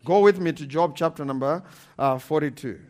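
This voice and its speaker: A pastor preaching a sermon, animated and emphatic, repeating scripture references and laughing between points. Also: male voice, a little high, normal speed.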